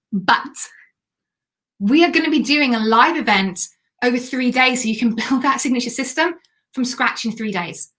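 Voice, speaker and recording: Excited woman coach on a live stream, chatty salesy pitch, voice a bit high. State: has the hiccups. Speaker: online business coach hosting a live stream.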